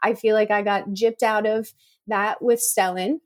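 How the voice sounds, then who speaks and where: A woman's voice: mid-range voice, steady tone, measured pace. A middle-aged woman co-hosting a podcast, talking in a chatty, emotional way with lots of fillers. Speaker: podcast co-host. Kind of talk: casual chat.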